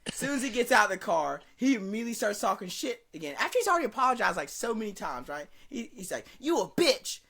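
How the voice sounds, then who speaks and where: A man's voice: high voice, quick pace, creaky. A young man chatting casually on a podcast, laughing and swearing as he retells his side. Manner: laughing, swearing, lively interjections. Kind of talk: casual chat.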